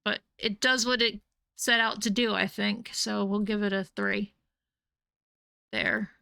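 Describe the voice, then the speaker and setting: A woman's voice: mid-range voice, steady tone, measured pace, gravelly, pushed and bright, clean tone. A woman streaming a game live, chatting casually and breaking off to scold and coo at her cats.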